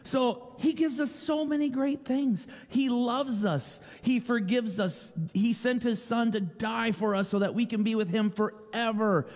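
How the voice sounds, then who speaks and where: A man giving a playful children's sermon with a naturally loud voice, asking the kids questions and joking with them. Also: very high voice, fairly even intonation, a little slow, hardly any pauses, in a large hall. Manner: playful, asks children questions, repeats jokes.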